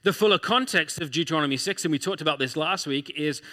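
A male pastor delivers a sermon in a bright, fairly high voice. He speaks conversationally and keeps posing rhetorical questions. The sound carries a long reverb from a large church hall. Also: fast.

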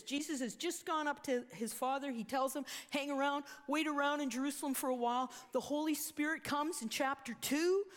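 High-voiced woman preaching in a hall. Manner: animated storytelling, acts out quoted voices. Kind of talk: sermon. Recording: long reverb of a hall.

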